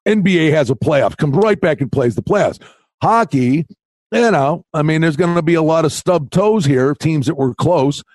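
A man co-hosting a casual sports betting podcast, talking in animated, quick bursts and cutting in on his partner. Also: fairly high pitch, dry recording, clean studio sound. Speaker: podcast co-host.

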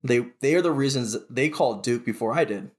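A man, a military veteran, telling his story in a casual interview with lively retellings, many restarts and fillers. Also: medium pitch, fairly quick.

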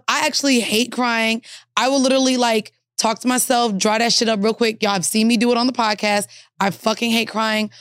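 A woman co-hosting a podcast in casual chat, blunt and quick to laugh. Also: on the high side, fairly bright tone, dry recording, studio quality. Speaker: podcast co-host.

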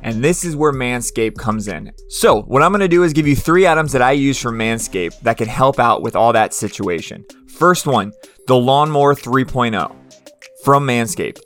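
A man's voice: medium pitch, lively intonation, moderate pace, fairly bright tone, soft background music. A man co-hosting a podcast, reading a sponsor ad in a crude, joking, loose way. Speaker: podcast co-host. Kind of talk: casual ad read.

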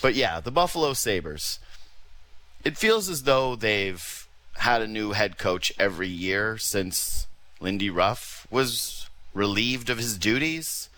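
A man co-hosts a casual hockey talk show with a bright, forceful voice. He jokes freely and slips into animated impressions of other people. His delivery is chatty and expressive. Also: lowish voice, slow. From Canada. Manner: animated, joking, acts out quoted voices.

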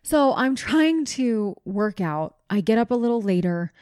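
Animated storytelling young mom, dry sound. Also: female voice, on the high side, a little slow, smooth, dry recording. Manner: animated storyteller, swears casually. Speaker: podcast co-host. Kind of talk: casual chat.

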